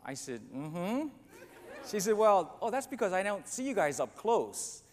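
A man's voice: sits high, big pitch swings, measured pace, a little mellow. A man preaching a sermon as pastor, telling a self-deprecating story and acting out the other voices. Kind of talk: sermon with a humorous personal story. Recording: long church reverb, faint noise.

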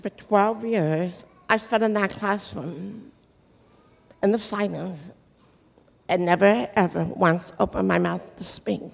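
A woman's voice: medium pitch, takes it slowly, gravelly. Deaf woman speaking in a reverberant hall. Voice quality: deaf speaker's distinctive speech, described as talking funny and sounding accented. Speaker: inspirational speaker. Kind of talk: motivational faith talk to an audience. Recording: long reverb of a large hall.

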